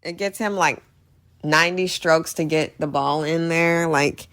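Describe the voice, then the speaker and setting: Chatty low-voiced woman recapping a movie. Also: steady tone, measured pace, a bit bright. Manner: chatty, opinionated, full of "like" and "literally". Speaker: movie reviewer.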